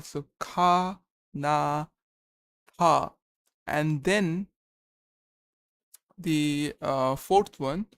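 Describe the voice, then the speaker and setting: A young man on a live study stream, thinking aloud and slowly sounding out syllables, pausing to check himself. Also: a little high, no room sound. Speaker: language learner streaming study session.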